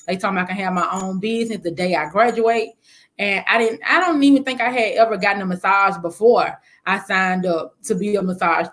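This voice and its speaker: A woman's voice: mid-range voice, a bit bright. A woman in her thirties from Memphis with a Southern accent, a guest telling her business story in a frank, casual way. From Memphis, Tennessee. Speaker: guest, spa business owner. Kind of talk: interview storytelling.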